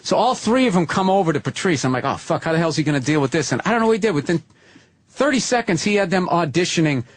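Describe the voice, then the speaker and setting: A man telling profane, animated stories in casual chat. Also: fairly high pitch, fast. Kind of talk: casual storytelling.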